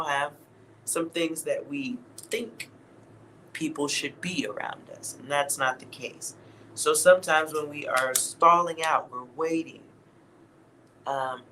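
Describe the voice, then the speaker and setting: A man's voice: on the high side, bright, forceful tone, slight background noise, rough recording. A man giving a casual, blunt tarot reading to his viewers, laughing at himself and swearing now and then. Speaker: tarot reader.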